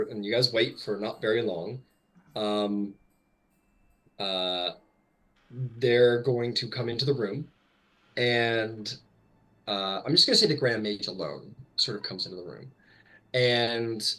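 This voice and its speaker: A man's voice: on the low side, sharp tone, poor audio. A man narrating as game master of a tabletop game in a casual, rambling way. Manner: casual, many fillers and restarts.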